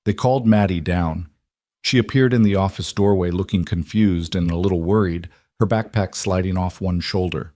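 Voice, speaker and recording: A man narrating a scripted drama story in a measured, even way. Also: low-pitched, no echo, studio quality.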